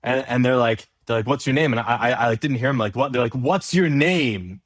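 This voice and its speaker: A man's voice: mid-range voice, fairly even intonation, fast talker, no echo. Easygoing joking man, dry mic. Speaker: podcast host. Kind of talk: casual chat.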